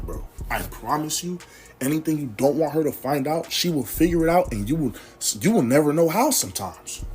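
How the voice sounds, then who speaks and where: Animated young man telling a story. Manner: animated, slangy, swoops up to high exclamations. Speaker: vlogger. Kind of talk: casual storytime.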